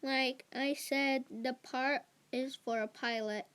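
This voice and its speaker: A woman reading aloud, voicing an excitable actress mother who is chasing her big break, in a slow, halting delivery. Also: high-pitched, smooth. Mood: eager.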